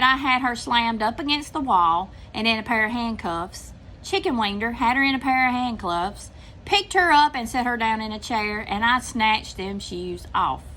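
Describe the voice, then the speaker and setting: An older woman from Mississippi with a Southern US accent hosts a channel and casually tells her viewers a long story, acting out what people said. She is chatty and drawling, her voice a little high with a sharp tone, and there is a slight hiss or hum in the recording.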